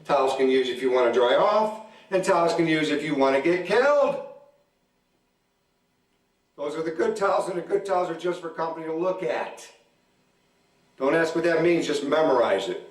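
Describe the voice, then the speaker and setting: A man's voice: a little high, moderate pace, pauses often. Man doing stand-up in an echoey hall. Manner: deadpan storytelling, acts out both sides of arguments. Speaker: comedian. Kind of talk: stand-up comedy at a church event. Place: church hall. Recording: echoey hall, mic from a distance.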